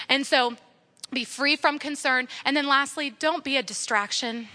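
Bright, high-voiced young woman preaching. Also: normal speed. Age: young adult. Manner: earnest, exhortative, repeating key phrases. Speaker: women's ministry speaker. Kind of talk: sermon.

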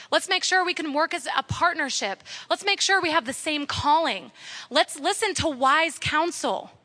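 Bright, high-voiced young woman preaching. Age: young adult. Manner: earnest, exhortative, repeating key phrases. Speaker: women's ministry speaker. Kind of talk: sermon.

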